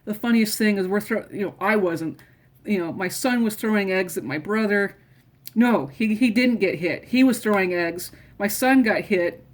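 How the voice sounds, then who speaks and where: A woman's voice: medium pitch, normal speed. A middle-aged woman casually telling family stories, rambling and often restarting her sentences. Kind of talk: casual personal storytelling.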